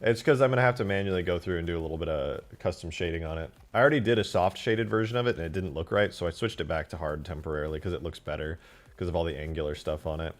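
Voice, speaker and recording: A man commentating his game modding on a live stream, excitable and foul-mouthed, swinging into loud outbursts. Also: sits low, rapid-fire. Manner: excitable, swears a lot, flares into loud outbursts.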